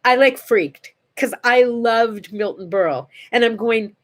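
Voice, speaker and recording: An older woman hosts a relaxed morning chat and tells stories with lots of animation. Her voice sits a little high, and she jumps into the voices of the people in her anecdotes. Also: measured pace. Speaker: host. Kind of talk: casual storytelling chat.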